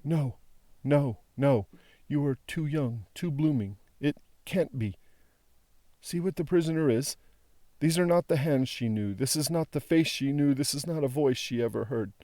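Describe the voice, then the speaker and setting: A man reading the part of a frail old former prisoner, who speaks slowly, haltingly and mournfully. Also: mid-range voice, dark tone, no echo, pitched above the performer's own voice, lightly acted. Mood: bewildered. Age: older.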